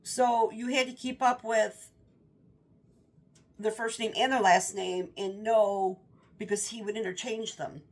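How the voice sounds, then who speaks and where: A woman's voice: medium pitch, steady tone, unhurried. A woman giving a casual, rambling book review, often stopping to correct herself. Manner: rambling, self-correcting with fillers.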